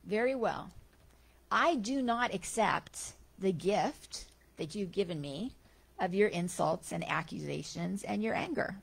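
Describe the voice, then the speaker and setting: A woman voicing a serene wise male teacher who answers calmly and gently. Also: mid-range voice, vocal fry, breathy edge, full character voice, low-quality recording. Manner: calm, gentle, measured.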